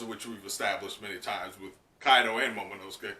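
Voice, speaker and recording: A man's voice: lowish voice, fairly even intonation, fairly quick, hardly any pauses, bright, forceful tone. A man hosting a live comic reaction, talking casually with laughs and many fillers. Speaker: host. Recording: echoey room, distant mic.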